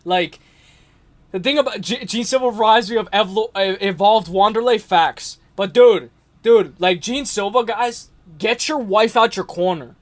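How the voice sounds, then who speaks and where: A man's voice: high voice, measured pace. A man hosting a casual fight-talk livestream, rambling and slangy, repeating himself and talking straight to his viewers. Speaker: MMA livestream host.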